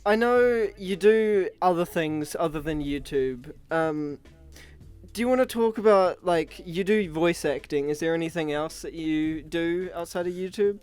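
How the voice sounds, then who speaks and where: Man, higher voice, Australian or New Zealand accent, relaxed curious podcast host. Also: unhurried, smooth, soft background music. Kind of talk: casual podcast chat.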